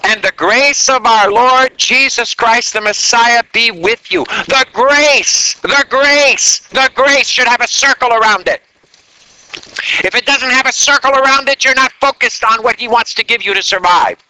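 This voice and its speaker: A man preaching a sermon in an animated way, drawing call-and-response answers from the congregation. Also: very high voice, measured pace, smooth, low-quality recording.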